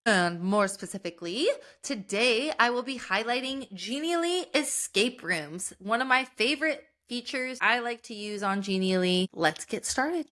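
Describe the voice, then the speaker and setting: A young woman teacher hosting an upbeat, enthusiastic software tutorial for other teachers. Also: fairly high pitch. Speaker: teacher and tech tutorial host. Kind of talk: screen-recorded software tutorial.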